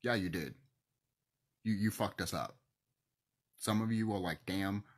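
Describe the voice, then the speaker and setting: A man's voice: lowish voice, a little slow. A man hosting his own channel, ranting to camera in a heated, profane, preachy way. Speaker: channel host.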